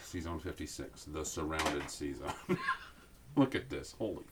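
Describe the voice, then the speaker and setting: A man's voice: rumbling low, lively intonation, a little slow, heavy background noise. A man playing a war board game with friends, talking strategy in casual, profane banter. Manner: profane, laid-back strategizing.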